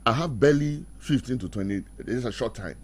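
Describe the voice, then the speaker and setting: A fast-talking middle-aged man with a mid-range voice preaches about marriage as if on a radio talk show. Full of animation, he performs quarrels in put-on voices and laughs at his own jokes, while faint noise sits in the background.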